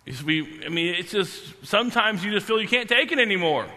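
A man preaching a sermon, halting and repeating himself, then slowing down to stress key words. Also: high voice, lively intonation, pushed and bright. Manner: halting, repeats and restarts phrases. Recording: long hall reverb.

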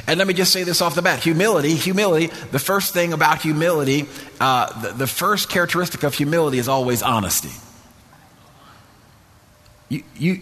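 A man preaching a sermon with call-and-response, swinging between emphatic bursts and slow, soft phrases. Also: on the high side. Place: church sanctuary. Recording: long reverb of a church hall.

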